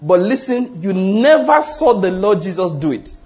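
Male preacher, high and lively voice, emphatic sermon delivery with repetition. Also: moderate pace. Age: adult, goes to the gym. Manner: animated, emphatic, repeats for emphasis.

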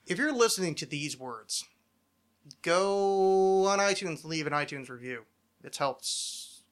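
A man's voice: fairly high pitch, pushed and bright. A man from New Jersey hosting a podcast, with a light, not resonant voice and a rambling, jokey way of talking. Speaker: podcast host. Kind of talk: casual podcast chat.

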